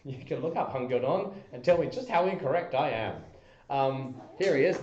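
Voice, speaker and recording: Goofy high-swinging man, echoey room. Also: expressive, normal speed, darkish tone. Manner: playful, goofy, jumps into high squeaky bursts. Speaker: livestream host. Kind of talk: casual livestream chat answering viewers.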